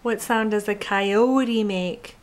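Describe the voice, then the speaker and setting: Slow, sing-song woman doing baby talk. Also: medium pitch, fairly even intonation. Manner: slow, sing-song, coaxing, imitates animal sounds. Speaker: parent talking to a baby. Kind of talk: baby talk, coaxing a toddler.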